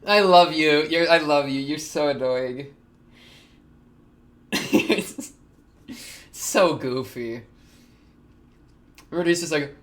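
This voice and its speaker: Excitable young man reacting to anime. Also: a little high, slow, pauses often. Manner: excitable, laughs often, talks to the characters on screen. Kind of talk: casual reaction commentary.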